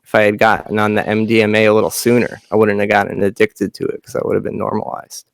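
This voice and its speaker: A man's voice: on the low side, monotone, fast, creaky, clean tone, no room sound. A man with a Western Massachusetts accent co-hosting a comedy podcast, rambling through jokey asides in casual chat on a close mic. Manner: joking, rambling, wry asides. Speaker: podcast co-host.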